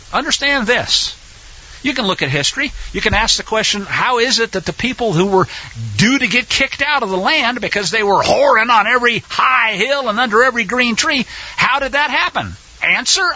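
A man preaching a fiery sermon, impassioned and sarcastic, sometimes shouting. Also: very high voice, breathy edge, muffled recording.

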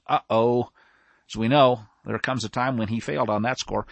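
A male preacher giving an animated, emphatic sermon on a scripture story, with a self-described nerdy bent. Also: medium pitch, moderate pace, gravelly, no room sound.

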